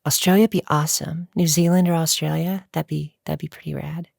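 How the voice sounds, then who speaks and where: Gravelly low-voiced woman vlogger. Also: fairly even intonation, brisk, darkish tone, no echo, studio quality. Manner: chatty, rambling, laughs often. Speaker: YouTuber answering viewer questions. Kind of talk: casual Q&A vlog.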